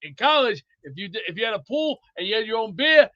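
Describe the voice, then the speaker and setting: A man hosting a rowdy sports call-in show, loud and goofy, often breaking into whooping yells. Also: high voice, big pitch swings, fast, no echo, highs cut off. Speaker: sports talk show host.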